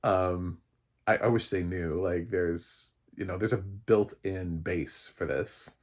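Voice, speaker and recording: A man's voice: sits low, fairly even intonation, slow. A man, a film critic, giving a casual spoken review, rambling with many fillers and restarts, and swearing now and then.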